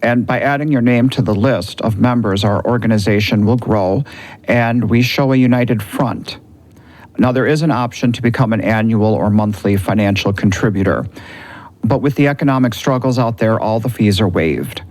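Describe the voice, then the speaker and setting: A man's voice: fairly low pitch, moderate pace, darkish tone. A man co-hosting a podcast, speaking earnestly as he promotes and asks questions. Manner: earnest, promotional when reading segments. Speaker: podcast co-host. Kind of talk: casual podcast talk and announcements.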